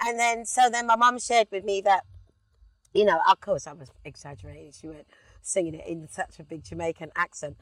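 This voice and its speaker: A middle-aged London woman talks in a dry, close sound, inside a car. She tells her stories with animated energy and drops into short bursts of song mid-sentence. Her pitch sits in an ordinary middle range. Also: a little fast, dry recording. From England. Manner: animated storyteller, sings snippets. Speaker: singer, interview guest. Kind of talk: relaxed casual chat.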